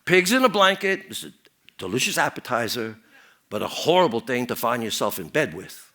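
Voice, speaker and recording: A man playing a rambling, paranoid married guy who tells deadpan puns, jumps from topic to topic and mutters at the end of each rant, in a stand-up character monologue. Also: mid-range voice, fairly quick.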